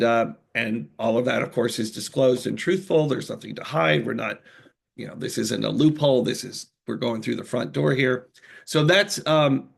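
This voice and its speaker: A lawyer from the United States answering questions live, earnest and reassuring, halting often with fillers and restarts. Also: male voice, medium pitch, vocal fry. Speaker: immigration lawyer. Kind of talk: live Q&A explanation.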